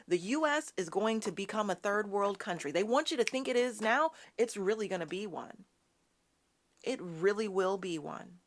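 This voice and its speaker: A woman hosts a live political talk show, ranting impassionedly, addressing her audience as "y'all" and quoting opponents only to mock them in a sassy tone. She speaks at a moderate pace in an expressive, mid-range voice.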